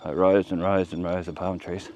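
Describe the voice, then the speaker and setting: A man's voice: deep voice, flat delivery, moderate pace, a little mellow, a little hiss or hum. An Australian man vlogging on a roadside walk, chatting off the cuff in a meandering way and trailing off mid-sentence, filmed on a camera he carries. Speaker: walking-tour vlogger. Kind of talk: rambling walk-and-talk commentary. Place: outdoors on a rural roadside.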